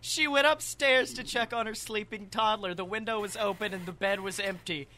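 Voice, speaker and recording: Male podcast co-host, high and very bright voice, reads horror bits for laughs. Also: moderate pace. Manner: laughs often, jokey asides. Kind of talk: comedic reading of horror stories.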